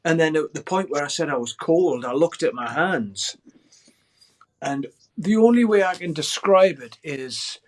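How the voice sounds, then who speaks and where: A man in his sixties, a guest musician, telling a story in a podcast interview with lots of swearing and shouted quoted lines. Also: on the high side, animated, a little slow.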